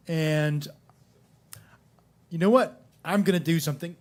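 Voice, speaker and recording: A man with a fairly high voice hosts an open mic in a coffee shop. He banters off the cuff between acts and brings up the next comic. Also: unhurried, darkish tone. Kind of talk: introducing acts.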